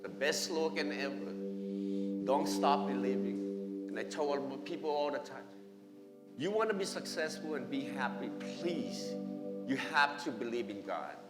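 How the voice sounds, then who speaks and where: Animated man telling his story in an echoey church. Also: mid-range voice, moderate pace. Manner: animated, acts out dialogue with his wife; non-native broken English grammar. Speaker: guest speaker at church. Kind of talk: personal testimony storytelling. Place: church hall. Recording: echoey hall with music behind.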